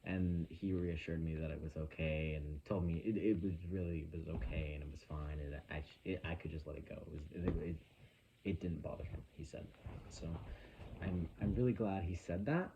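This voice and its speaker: A young man vlogging into his phone, telling a story in an earnest, halting, emotional way with a casual rambling style. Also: sits low, muffled recording, background noise.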